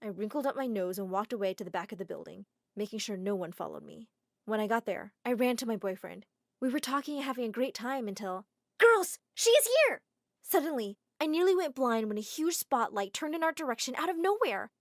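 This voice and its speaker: A woman narrating a first-person animated drama story in an expressive, dramatic way. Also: a little high, fast talker, gravelly, no echo, studio quality.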